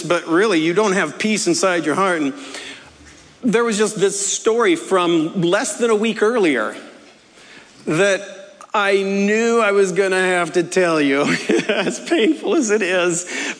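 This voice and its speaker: A man preaching a humorous sermon, telling a self-mocking story with frequent laughs. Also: high-pitched. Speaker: pastor. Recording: echoey hall with faint ambience.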